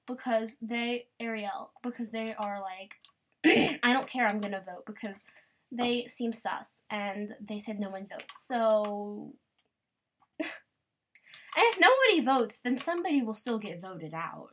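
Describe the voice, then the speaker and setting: A young woman, rambling and bubbly as she chats casually over a game, breaking into sudden excited squeals. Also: fairly high pitch. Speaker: gamer podcaster. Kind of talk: casual gameplay commentary.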